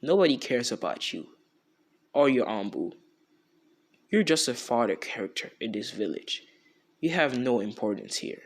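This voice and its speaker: A man voicing a cold, cocky young male ninja with dark powers, in a flat, dismissive delivery, while retelling a fan story. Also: medium pitch, moderate pace, pauses often.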